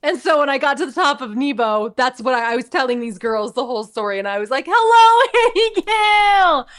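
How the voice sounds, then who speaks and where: A woman co-hosting a relaxed podcast, sharing a childhood memory with an easy, laughing manner. Her voice sits a bit higher than most women's. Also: quick pace. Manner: laughs often, chatty reminiscing. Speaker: podcast co-host. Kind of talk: casual chat.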